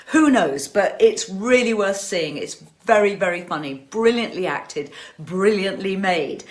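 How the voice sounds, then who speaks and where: A woman in her sixties hosting a chat show, talking enthusiastically with emphatic repetitions. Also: mid-range voice. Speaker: show host and singer. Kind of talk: casual chat to camera.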